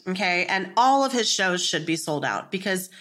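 A woman's voice: fairly low pitch, animated, moderate pace, fairly bright tone. A woman hosting a podcast, speaking earnestly and emphatically like a spiritual teacher. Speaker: podcast host. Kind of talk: casual chat.

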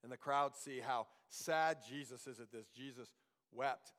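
A man's voice: mid-range voice, unhurried. Earnest male pastor in a reverberant hall. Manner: earnest, rhetorical questions, drops to hushed reading. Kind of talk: sermon.

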